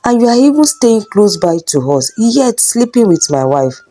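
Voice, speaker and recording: Woman putting on a jealous husband, loud and accusing, goes way up when he yells. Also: mid-range voice, big pitch swings, moderate pace, faint music behind. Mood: furious shouting. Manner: shouting, accusing. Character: angry jealous husband, middle-aged man.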